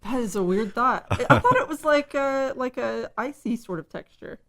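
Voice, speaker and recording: A woman's voice: on the high side, lively intonation, moderate pace. A woman co-hosting a casual tech show, telling stories in a chatty, amused way with lots of fillers. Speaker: co-host of a tech news show. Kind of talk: casual chat.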